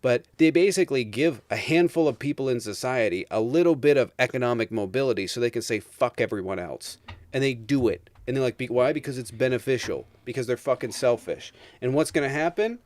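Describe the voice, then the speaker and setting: Male streamer, 30s, angry profane rant, mid pitch, dry close mic. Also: fast talker, few pauses, darkish tone, dry recording. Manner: profane, ranting, emphatic. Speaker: streamer host. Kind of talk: heated political rant on a livestream.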